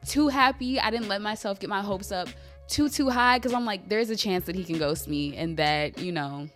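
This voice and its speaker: Faint music plays behind a young woman with a mid-range, slightly bright voice as she vlogs from her bedroom at home. The vlogger and talk show creator is tearful and gushing, crying off and on and speaking in fast bursts heavy with "like" and other fillers.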